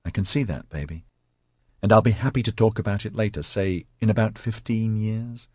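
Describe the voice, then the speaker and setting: A man's voice: lowish voice, moderate pace, a little mellow, dry recording, clean studio sound, natural voice. A man voicing a wary, practical mother.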